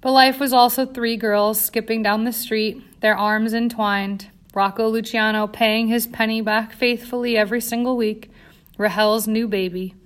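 Woman audiobook narrator, steady, dramatic delivery. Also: on the high side, moderate pace.

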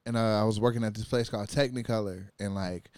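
A man's voice: fairly low pitch, steady tone, quick pace, a little mellow, no room sound, clean studio sound. A young man from California in casual chat, rambling with lots of "like" and restarts. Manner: rambling, many fillers and restarts.

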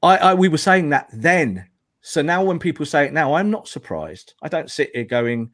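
A man's voice: a little high, very animated, normal speed, dry recording, studio quality. A man who is a guest pundit on a football podcast, arguing his points emphatically and lecturing the listeners.

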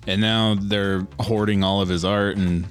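A man's voice: lowish voice, flat delivery, measured pace, soft background music. A man co-hosting a podcast, chatting loosely and swearing, with a joking manner. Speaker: podcast co-host. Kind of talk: casual chat.

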